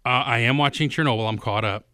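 Bright, wisecracking middle-aged man. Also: medium pitch, fast talker, no room sound, clean studio sound. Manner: blunt, wisecracking. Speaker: podcast co-host. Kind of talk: casual chat.

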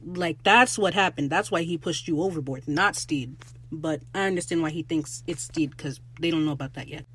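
A host recapping a TV episode in casual, excitable talk, with profanity and rambling asides. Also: medium pitch, moderate pace, breathy edge.

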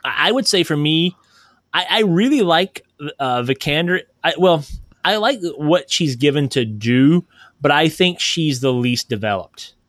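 A man's voice: fairly high pitch, lively intonation, a little slow, a bit bright, dry recording, studio quality. A man co-hosting a podcast, talking through a film review with many hesitations and fillers. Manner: hesitant, filler-heavy, laughing easily. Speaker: podcast co-host. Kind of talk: casual film review chat.

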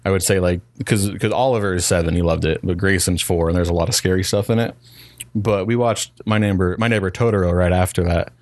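A man in his thirties from Utah hosting a casual podcast chat, animated and laughing, with lots of "like". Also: deep voice, fast, no echo. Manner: animated storyteller, frequent "like" and laughs. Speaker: podcast host.

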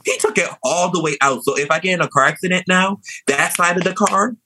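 A young man telling a story in an animated, sassy way, chatting casually. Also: high voice, a little fast, a little hiss or hum, poor audio. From New Orleans. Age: young adult.

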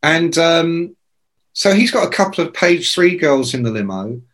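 A man in his sixties spins loose, profane stories as an interview guest. His fairly high voice swoops up and down as he slips into the voices of the people he quotes. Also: normal speed. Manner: animated, sweary, acts out quoted voices. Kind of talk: casual storytelling.

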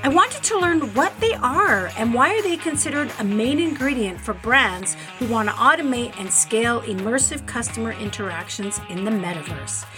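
A woman's voice: a little high, animated, moderate pace, few pauses, music in the background. A woman hosting a branding podcast, reading a scripted intro and then chatting upbeat with a guest. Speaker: podcast host. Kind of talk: scripted intro then casual interview chat.

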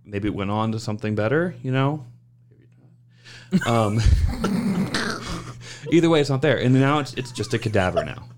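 A man casually telling an animated, profane story about his old job, acting out other people's lines as he goes. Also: mid-range voice, measured pace, pauses often. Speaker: guest recounting work stories.

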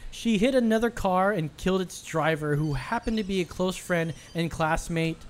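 A man's voice: high-pitched, normal speed, slight background noise. A man hosting a casual trivia game with friends, announcing questions and answers with playful game-show flair. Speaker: quiz host. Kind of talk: casual podcast quiz banter.

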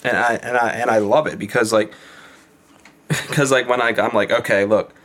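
A man's voice: mid-range voice, fairly even intonation, normal speed, a bit bright. A man talking casually and candidly, rambling with lots of fillers and occasional swearing. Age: adult with kids. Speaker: podcast guest in recovery. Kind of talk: casual chat.

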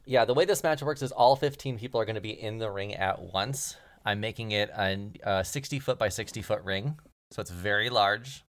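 Low-voiced man running a tabletop game. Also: moderate pace. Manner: relaxed, joking narration. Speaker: game master.

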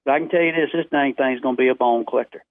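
A man, a radio guest on the phone, telling a story in a lively way with quick restarts. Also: mid-range voice. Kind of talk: animated storytelling. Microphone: telephone. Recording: tinny dry phone line.

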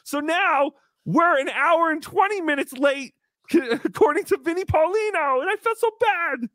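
A man with a high voice that swings up and down a lot, telling a story in an animated, exasperated way with plenty of swearing. He is hosting a live show, recorded dry and close. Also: moderate pace, no echo. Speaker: podcast host. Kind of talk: casual storytelling on a live stream.

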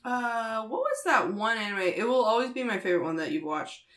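A woman's voice: on the high side, big pitch swings, fairly quick, fairly bright tone. A woman co-hosting a podcast in casual banter, giggly and playful. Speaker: podcast co-host. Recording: echoey room.

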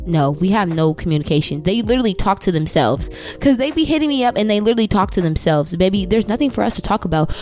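A woman's voice: on the low side, a little mellow. Young woman, aave, sassy podcast rant, swoops up and down a lot, bit of music under it. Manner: sassy, emphatic, repeats "baby" and "like". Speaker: podcast host. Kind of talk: candid solo podcast talk.

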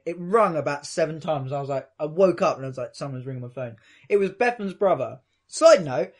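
A man's voice: on the high side, darkish tone. A young man, casually telling a long story to friends and acting out the quotes.

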